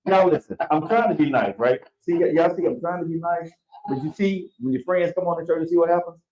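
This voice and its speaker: A man's voice: fairly high pitch, fast talker, highs cut off. A man hosting a talk show in a studio, joking and hyping up his guest. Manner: animated, joking, hypes up the guest. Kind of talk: casual talk-show banter.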